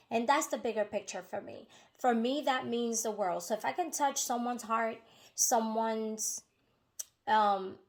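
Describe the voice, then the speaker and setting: A woman with a somewhat high voice speaks earnestly to her viewers, unscripted and from the heart. She talks with feeling and circles back on her phrases to stress a point. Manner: earnest and emotional, repeats phrases for emphasis. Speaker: vlogger running her own company. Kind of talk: unscripted personal talk to camera.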